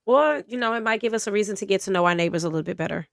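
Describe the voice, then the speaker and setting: A woman co-hosting a podcast in casual chat, talking in a relaxed, slangy way with lots of fillers and restarts, and sometimes reading an article aloud. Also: mid-range voice, rapid-fire, gravelly, dry recording, clean studio sound. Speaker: podcast co-host.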